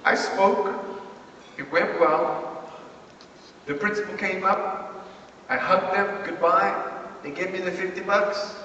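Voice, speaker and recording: A man's voice: sits high, fairly even intonation, takes it slowly, long pauses, sharp tone, a little hiss or hum. A man giving a motivational talk to a large young audience, telling his story with animation and acting out every part. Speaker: motivational speaker. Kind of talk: motivational talk with acted-out stories. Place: large event hall before a young audience. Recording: echoey hall, distant mic, dull sound.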